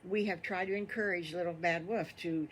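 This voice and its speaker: Grandma as a folksy storybook farmer. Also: female voice, fairly low pitch, steady tone, moderate pace, a little hiss or hum, lightly acted. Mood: fond. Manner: folksy, rambling. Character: warm, sentimental male farmer.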